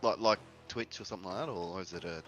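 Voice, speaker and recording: A man's voice: low voice, fast, a bit bright, soft background music. A man with an Australian accent, chatting casually in a voice call and teasing his friends in a laid-back way. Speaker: friend in voice chat. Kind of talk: casual chat.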